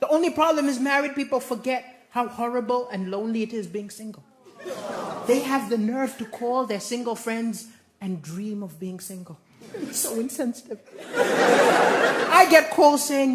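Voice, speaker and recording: A man from Malawi, doing a stand-up comedy set with animated, exaggerated punchlines. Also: extremely high pitch, moderate pace. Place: large theatre stage. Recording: roaring live audience, noisy stage mic.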